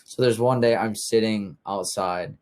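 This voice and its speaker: In a laid-back podcast conversation, the young male host shares stories and acts out the quotes of people in them. He talks at a measured pace in a low-leaning, a little mellow voice.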